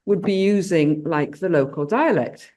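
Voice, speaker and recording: A woman's voice: on the low side, a little slow, dark tone. Woman, 60s, coach, rambling conversational storyteller on a call. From Britain. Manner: rambling storyteller with many restarts and fillers. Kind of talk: casual group discussion.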